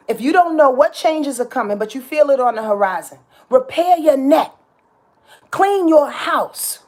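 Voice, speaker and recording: Slightly high-voiced woman doing an astrology chat, passionate, repeats herself, swears, very dramatic. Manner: passionate, emphatic, dramatic and repetitive; profane and slangy. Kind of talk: casual astrology talk.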